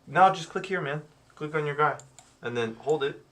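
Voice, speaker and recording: A man's voice: fairly high pitch, normal speed, a bit bright. A father playing a tabletop game, coaching his child through moves in casual, bossy bursts. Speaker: player, father. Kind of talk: casual chat while gaming.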